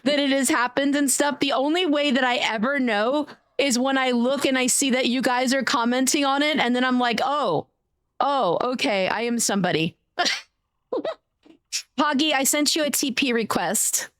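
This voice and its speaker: High-voiced woman streamer greeting chat. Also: steady tone, moderate pace, fairly bright tone, dry recording. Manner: affectionate greetings to chat, swears casually. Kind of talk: casual live-stream chat.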